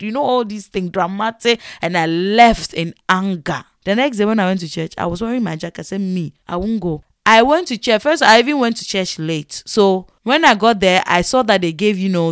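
Young Nigerian woman, lively vlog storyteller, acts out dialogue, close dry sound. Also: mid-range voice, clear, resonant tone, no room sound. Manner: animated, acts out quoted dialogue. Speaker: vlogger. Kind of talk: casual storytelling.

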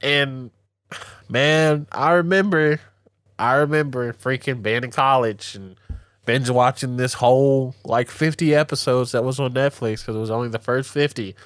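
A man's voice: mid-range voice, moderate pace, fairly bright tone, no echo, studio quality. A young man co-hosting a podcast, chatting casually and emotionally about an anime, with lots of fillers.

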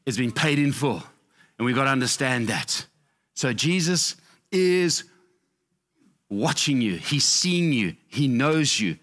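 A man's voice: animated, slow, long pauses, fairly bright tone. Passionate male pastor preaching. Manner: passionate, repetitive emphasis, swinging up and down in pitch. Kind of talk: sermon.

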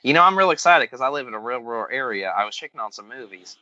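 A man's voice: medium pitch, expressive, fast, sharp tone, no room sound. A man hosting a comedy podcast, joking around in a put-on folksy rural drawl. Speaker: podcast host. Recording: dull lo-fi podcast audio.

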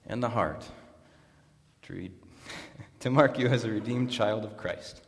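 A man serving as pastor, leading a baptism liturgy, prayers and a scripture reading in a solemn, measured way inside a church. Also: fairly low pitch, a little hiss or hum. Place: church sanctuary. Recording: long reverb of a church hall.

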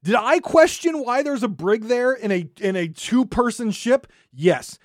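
A podcast host ranting angrily and sarcastically, swinging from shouting to muttering. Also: mid-range voice, lively intonation, a little slow, dry recording, studio quality. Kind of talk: solo gaming podcast rant.

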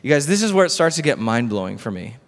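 A man preaching a sermon as pastor, animated and casual, acting out quoted dialogue. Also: medium pitch, fast talker. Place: church hall. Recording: long hall reverb.

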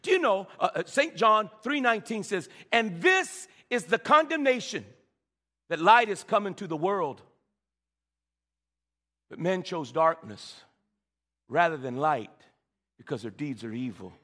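A man preaches with a high, bright voice that leaps around in pitch, stammering through repeated words and calling on the congregation to answer. His sermon rings out through a reverberant church hall. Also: sing-song, measured pace, long pauses. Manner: preaching with frequent stammered repeats and call-and-response. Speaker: pastor. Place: church sanctuary.

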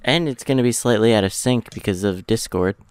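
A man's voice: fairly low pitch, brisk, smooth, dry recording. A man on a casual podcast, making dry, wry remarks over a voice call. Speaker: podcast co-host. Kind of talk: casual chat.

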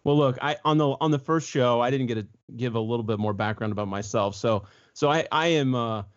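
A man co-hosting a casual chat, telling a family story and lively acting out the voices of the people in it. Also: mid-range voice, fairly quick, muffled recording. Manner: animated, jumps into voices when quoting others. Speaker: co-host.

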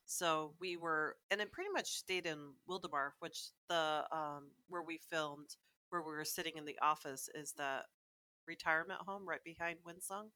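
A woman's voice: deep voice, normal speed, bright, forceful tone, no room sound. A woman guest on a podcast, recalling events in a casual, rambling way with many fillers. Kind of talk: casual chat.

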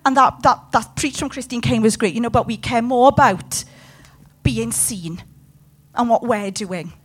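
A woman's voice: a little high, measured pace. A woman preaching a sermon with passion, putting questions to her congregation. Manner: impassioned, talks to the room with questions.

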